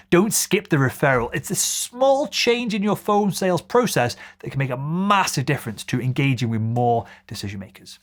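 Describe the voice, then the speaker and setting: A man teaching sales to camera, energetic and conversational, acting out cold-call lines. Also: medium pitch. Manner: energetic, acts out cold-call lines with a bright upward lilt. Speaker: sales trainer. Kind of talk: scripted sales lesson to camera.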